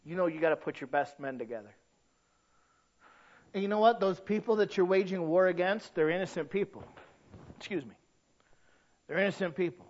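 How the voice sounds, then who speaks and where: A man preaching a sermon as pastor, dramatic, dropping soft then bursting into shouts. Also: high-pitched, fairly quick, long pauses, muffled recording.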